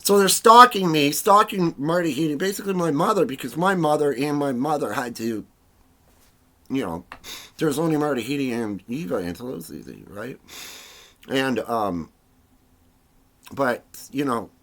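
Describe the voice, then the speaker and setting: A man giving a rambling, disjointed monologue, dropping to mumbles and then rising into loud, agitated bursts. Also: mid-range voice, animated, moderate pace, long pauses. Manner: rambling and disjointed, full of "you know" and "right?" tags.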